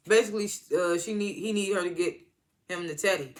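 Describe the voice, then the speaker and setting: A man's voice: high voice, fairly quick. A man giving a casual, rambling, slangy recap of a TV episode as a reviewer. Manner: rambling slangy retelling with acted-out quotes. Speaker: TV show reviewer.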